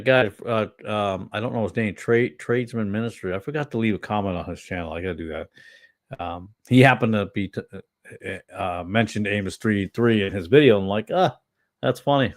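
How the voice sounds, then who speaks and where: A tired middle-aged pastor chatting casually on a livestream, rambling with many fillers and restarts. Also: male voice, lowish voice, dry recording, clean studio sound.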